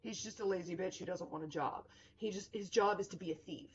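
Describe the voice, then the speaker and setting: A woman's voice: on the low side, fairly quick. A young woman streaming a game, rambling and joking casually with lots of fillers. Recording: dull lo-fi with music.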